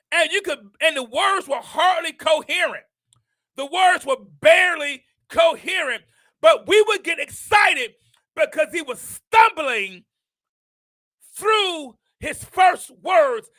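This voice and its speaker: An older man hosting a show, preaching a motivational message with impassioned repetition that rises into shouts. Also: very high-pitched, dry recording. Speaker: host.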